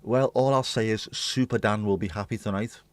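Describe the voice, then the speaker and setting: A man's voice: fairly low pitch, fairly even intonation, moderate pace, no echo. A man hosting a livestream, chatting to viewers in a rambling, jokey way and swearing casually. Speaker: livestream host.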